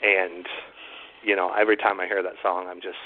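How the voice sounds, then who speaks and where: Male radio host, low voice, rambling casual chat, tinny lo-fi audio. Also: little pitch movement, a little fast, slight background noise. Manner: rambling, many fillers.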